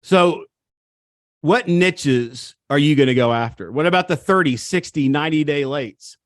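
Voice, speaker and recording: A man giving an energetic, repetitive pep-talk style coaching seminar on real estate over a video call. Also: on the high side, measured pace, dry recording.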